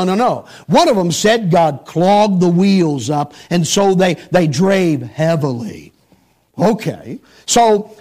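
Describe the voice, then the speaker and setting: A man's voice: high voice, a little mellow. A middle-aged man preaching a sermon emphatically, repeating phrases for stress and climbing sharply on rhetorical questions.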